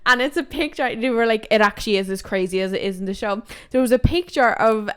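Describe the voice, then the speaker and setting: A woman co-hosting a casual podcast chat, relaxed and measured, often answering with short agreeing replies. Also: on the high side, clean tone. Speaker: podcast co-host.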